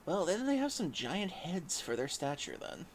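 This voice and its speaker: A man's voice: sits high, sing-song, normal speed, a little hiss or hum. A man chatting casually while playing a game on stream, rambling and chatty, over game music. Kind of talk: casual let's-play chat.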